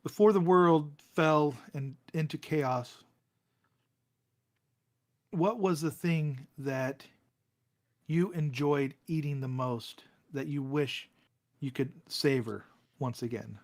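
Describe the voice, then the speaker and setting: A man narrating as game master of a tabletop game, setting scenes slowly and deliberately. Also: on the high side.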